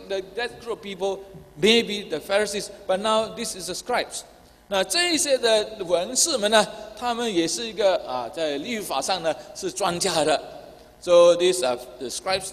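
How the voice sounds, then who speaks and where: A man preaching a bilingual sermon, speaking Chinese and then restating each point in English with a Chinese accent, filling pauses with "ah". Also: sits high, expressive. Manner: repeats each point in English after Chinese, many filler "ah" sounds. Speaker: pastor. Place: church hall. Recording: long hall reverb.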